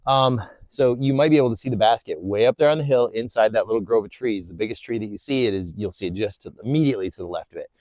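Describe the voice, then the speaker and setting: A man's voice: fairly low pitch, fast, few pauses, no room sound. A man casually explaining each hole of a disc golf course as he plays, talking outdoors in a hilly park and a bit out of breath. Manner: relaxed, explanatory, talking to himself between throws. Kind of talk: casual course walkthrough commentary. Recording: faint wind noise outdoors.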